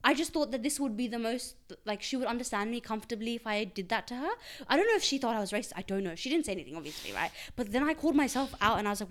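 A woman's voice: fairly high pitch, animated, very fast, hardly any pauses. A young woman with an Australian accent, co-hosting a casual chat and rambling through restarted sentences. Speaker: podcast co-host.

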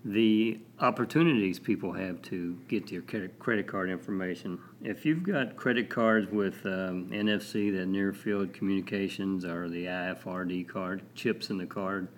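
A man co-hosting a podcast in a friendly, agreeable way, often chiming in with quick assents. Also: low-pitched, slight background noise. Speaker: podcast co-host. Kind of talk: casual chat.

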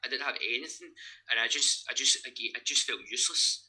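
A Scottish man and gym owner, recounting a hard personal story in an interview, halting and emotional, with many restarts. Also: medium pitch, pushed and bright, low-quality recording. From Scotland.

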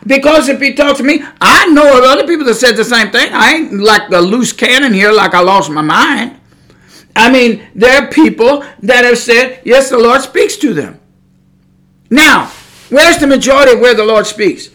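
A man preaching a sermon, fervent, moving from quiet asides to loud shouted peaks in a folksy church cadence. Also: very high voice, animated, moderate pace.

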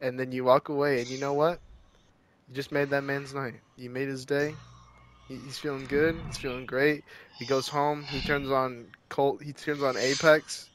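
A man's voice: mid-range voice, level tone, moderate pace, a little hiss or hum. A young man co-hosting a podcast in casual banter, rambling through joking made-up scenarios. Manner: rambling, spins joking hypotheticals. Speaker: podcast co-host.

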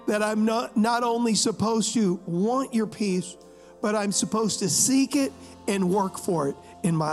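High-voiced male pastor, chatty sermon. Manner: chatty, joking, keeps asking the congregation to agree. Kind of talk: sermon with storytelling. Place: church service.

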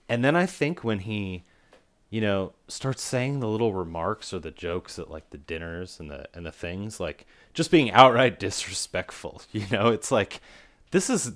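A man with a lowish voice talks through a movie in loose, casual podcast chat. He rambles with plenty of fillers and slips into quick impressions of the characters he describes. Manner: rambling, filler-heavy, acts out quoted characters. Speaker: podcast co-host. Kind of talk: casual film discussion.

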